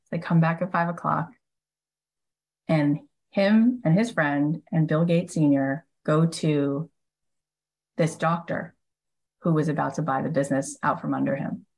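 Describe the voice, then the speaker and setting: A woman with a notably low voice hosts a podcast and tells a story in a loose, conversational way. She retells events with lively energy and leans on "like" as a filler between thoughts. The tone stays casual and unscripted throughout. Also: a little slow, gravelly, low-quality recording. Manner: animated retelling, frequent "like" fillers. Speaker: podcast host and coach.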